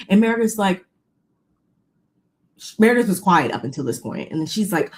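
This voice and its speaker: A woman co-hosting a casual recap chat, retelling scenes in an animated way with quoted voices. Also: lowish voice, moderate pace. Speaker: podcast co-host recapping a reality show.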